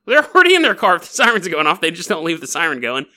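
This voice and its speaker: A man hosting a paranormal news podcast, telling stories in an animated, jokey way and acting them out. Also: fairly high pitch, very fast. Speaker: podcast host. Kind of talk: comedic paranormal news monologue.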